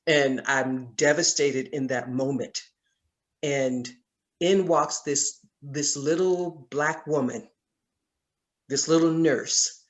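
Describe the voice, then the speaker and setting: Deep-voiced and slow, this Southern woman speaks with fairly even intonation. Leading a Bible study by video call, she shares a personal story in an earnest storyteller's way, laughing frequently as she teaches conversationally.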